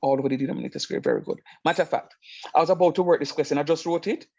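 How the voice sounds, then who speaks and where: Animated man teaching math online. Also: a little high, rapid-fire, husky, dry recording, dull audio. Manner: animated storytelling, emphatic.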